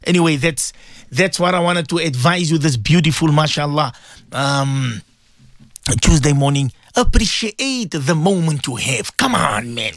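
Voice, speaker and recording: A man preaching on a radio show, talking straight to his listeners, emphatic and repetitive, swinging between loud and soft with recurring refrains. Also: fairly high pitch, expressive, unhurried, no echo. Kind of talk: radio sermon addressed to listeners.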